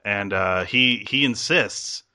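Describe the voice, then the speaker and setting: A man's voice: on the low side, slow, bright, forceful tone, smooth, dry recording, clean studio sound. A man with a Midwestern American accent hosting a casual podcast, rambling with lots of fillers and restarts. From Midwestern United States. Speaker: podcast host.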